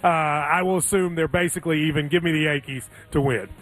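A man's voice: on the high side, fairly even intonation, a little fast, fairly bright tone, faint music behind. A man hosting a sports radio show, bantering playfully about baseball picks. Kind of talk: casual sports betting chat.

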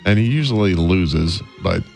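A man's voice: deep voice, animated, moderate pace, creaky, a little mellow, faint music behind. A man co-hosting a radio show, chatting casually and telling joking stories. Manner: storytelling, joking. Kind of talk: casual chat.

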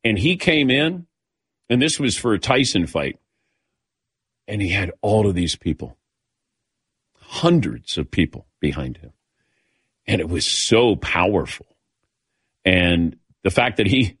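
A man's voice: lowish voice, fairly bright tone, breathy edge, dry recording. An older man hosting a casual sports talk show, telling long stories and calling on his co-hosts by name. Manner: storytelling, calls on co-hosts by name. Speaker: host. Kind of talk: casual chat.

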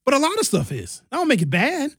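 A man hosting a radio talk show, telling lively stories with impressions. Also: extremely high pitch, fast talker, no room sound. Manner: animated storyteller, slips into impressions. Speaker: radio host. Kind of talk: lively casual radio banter.

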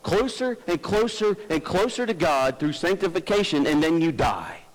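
A man's voice: fairly high pitch, animated, moderate pace, poor audio. Man preaching an earnest sermon. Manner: earnest preaching, rising emphatic peaks, folksy asides. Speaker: pastor.

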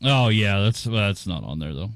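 A man's voice: lowish voice, expressive, normal speed, a bit bright, dry recording. A man co-hosting a radio show, mostly giving short agreeing replies and dry quips in casual chat. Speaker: radio co-host.

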